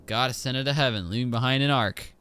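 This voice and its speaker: A man streaming a video game, giving excitable, joking commentary as he plays. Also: medium pitch, fairly quick, smooth. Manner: excitable, exclaims and jokes to himself. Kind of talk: live gameplay commentary.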